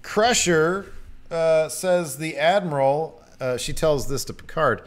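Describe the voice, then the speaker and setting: A man's voice: a little high, takes it slowly. Laid-back man recapping an episode. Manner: loose, rambling, full of fillers. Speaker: podcast co-host.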